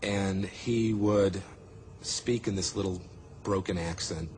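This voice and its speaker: Low-voiced man telling a story. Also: slow, background noise. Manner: animated storyteller, acts out audience reactions. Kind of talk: documentary interview.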